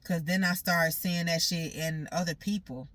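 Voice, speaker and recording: Sounding hurt and wronged, a woman pours out a personal monologue, cursing heavily, speaking bluntly and circling back to the same points. Her voice is fairly low and steady at a moderate pace, slightly bright, and the recording is dry.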